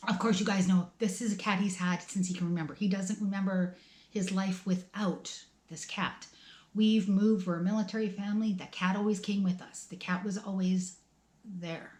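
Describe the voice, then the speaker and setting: A middle-aged woman vlogging about her family's loss, talking in a halting, emotional way with many restarts. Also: medium pitch, steady tone, darkish tone, echoey room. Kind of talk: tearful personal vlog talk.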